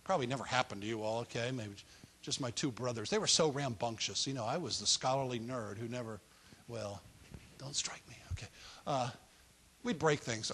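A man's voice: mid-range voice, fairly quick, fairly bright tone, husky. A man preaching a sermon in a playful, conversational way with joking asides.

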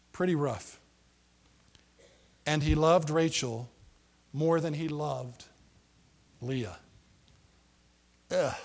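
A man's voice: a little high, long reverb tail. A man preaching a sermon as a pastor, telling the story in a conversational, joking way and acting out the quotes.

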